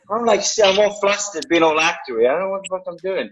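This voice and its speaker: A man, an actor guest, telling a lively anecdote in casual talk on a video call, swearing freely. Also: sits high, fairly quick, hardly any pauses, slight background noise, poor audio. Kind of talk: casual storytelling.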